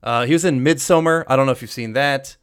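A man's voice: medium pitch, a bit bright, clean tone. Man co-hosting a podcast, mid-range voice, eager and profane in casual chat. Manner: enthusiastic, swears freely, quick asides. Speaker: podcast co-host. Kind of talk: casual movie-recasting chat.

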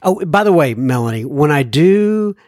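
A man's voice: a little high, lively intonation, moderate pace, a little mellow, no echo, studio quality. A man hosting a podcast, reading listener mail in a casual, jokey way and laughing at his own jokes. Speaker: podcast host.

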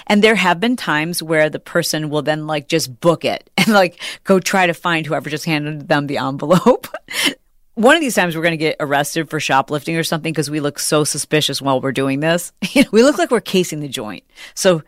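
A middle-aged woman hosting a podcast, telling a story in an animated, chatty way and acting out the people she quotes. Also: deep voice, normal speed, no echo, studio quality. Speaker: podcast host. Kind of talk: casual chat.

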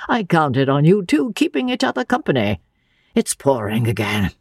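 A woman voicing a brisk, kindly male clergyman. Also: deep voice, wildly swooping pitch, darkish tone, breathy edge, no room sound, studio quality, heavily acted.

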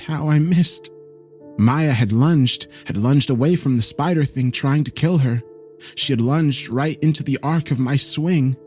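A man narrating a horror story in a slow, grave storytelling manner. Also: mid-range voice, darkish tone.

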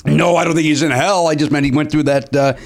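A man hosting a casual podcast chat, rambling and filling pauses with frequent uhs and ums. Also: on the high side, fairly even intonation, creaky. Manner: rambling, with frequent filler sounds. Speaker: podcast host.

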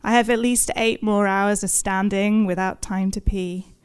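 A woman's voice: mid-range voice, steady tone, measured pace, clear, resonant tone. A woman in her thirties telling a personal story in the present tense, vivid and self-deprecating, with bursts of laughter. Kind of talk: first-person storytelling to an audience.

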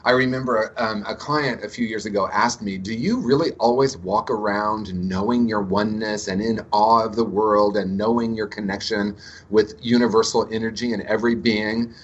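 A man talks in a relaxed interview with a low, husky voice. He sounds reflective and tells spiritual stories. The recording sounds dull and lo-fi. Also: normal speed. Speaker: guest, addiction recovery teacher. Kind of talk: conversational interview.

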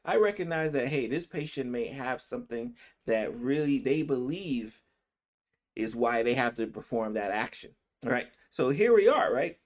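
A man who is a physician and podcast host, giving casual opinion commentary. He often checks in with "right?" and speeds up or slows down to stress his points. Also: medium pitch, expressive.

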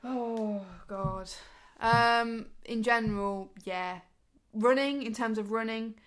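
A woman's voice: a little high, slow pace. A woman co-hosting a casual podcast, teasing her co-host and laughing often. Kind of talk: casual chat.

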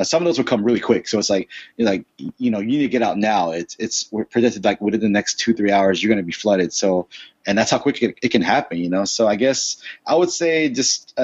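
A young man talks in a low register, rambling through his points with plenty of fillers and blunt, profane asides. The recording is dull and lo-fi, with a dry, close sound. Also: dry recording. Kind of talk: casual conversation.

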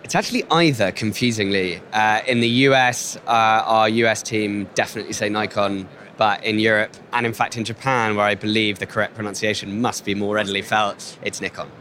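A man representing a brand, answering in polished, measured sentences at a trade show. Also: fairly low pitch, steady tone, sharp tone, slight background noise. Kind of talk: articulate interview answer. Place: exhibition hall.

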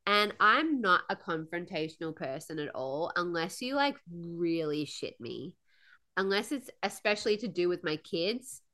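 A woman co-hosting a podcast, telling travel stories in a lively, laughing way. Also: fairly low pitch, unhurried. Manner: animated, laughs often while telling stories. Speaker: podcast co-host. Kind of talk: casual storytelling chat.

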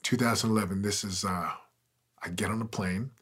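A man's voice: on the low side, steady tone, brisk, a bit bright, breathy edge. A man in his forties, a podcast guest, telling his story in an earnest, emphatic way that swells with intensity. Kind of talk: conversational interview storytelling.

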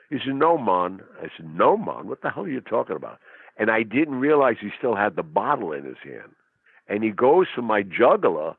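A husky man telling a dramatic story in conversation, acting out quotes in a tough-talking way. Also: fairly low pitch, sing-song, fairly quick, dry recording. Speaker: interview guest. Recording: phone-like narrow sound, dry.

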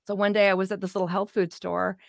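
A middle-aged woman, a guest in an interview, telling her life story in a casual, animated way, acting out quoted dialogue and laughing often. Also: mid-range voice, fast talker, creaky, dry recording, studio quality. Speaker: interview guest, business owner.

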